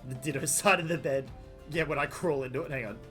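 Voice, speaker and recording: A man's voice: a little high, fast talker, fairly bright tone, faint music behind. An Australian man chatting casually with his viewers while streaming a game from home, greeting people by name. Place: home room.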